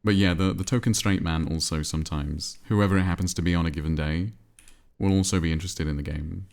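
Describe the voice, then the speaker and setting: A man streaming a cozy game, chatting in a relaxed, rambling way and answering his chat. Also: low-pitched, brisk. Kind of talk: casual chat while playing a cozy game.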